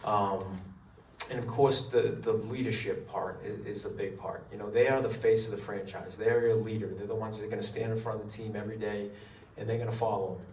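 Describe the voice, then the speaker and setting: A man talks steadily with many fillers, as if in an interview. His voice is fairly low and flat. He sounds distant in an echoey space, with faint ambience behind him. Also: brisk, slight background noise. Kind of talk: interview remarks.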